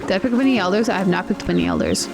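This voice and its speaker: A woman's voice: mid-range voice, racing, creaky, music in the background. A woman streaming a game in casual commentary, chatty and cursing freely, cooing baby talk at her pets. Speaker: gaming streamer.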